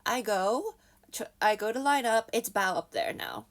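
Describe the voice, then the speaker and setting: Young woman vlogger, casual storytime, lively swooping pitch, self-mocking, acts out quotes with laughs. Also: normal speed.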